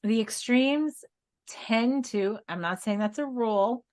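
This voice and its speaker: A woman's voice: on the high side, slow, darkish tone. A woman co-hosting a casual spiritual podcast, telling stories in an earnest way and laughing now and then. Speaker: podcast co-host.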